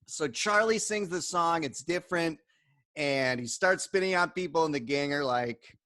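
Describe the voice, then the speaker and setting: A man co-hosting a casual podcast recaps an episode in easygoing chat, laughing often and swearing casually. His voice is a little high with a sharp tone, at a moderate pace, in a dry recording.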